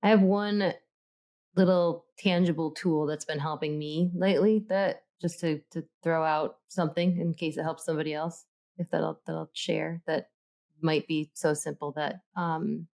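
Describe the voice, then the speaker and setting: A woman with a notably low voice co-hosts a podcast in casual, earnest chat. She rambles a little and restarts her sentences, with frequent ums along the way. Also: fairly even intonation, unhurried, vocal fry, a little mellow. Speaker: podcast co-host.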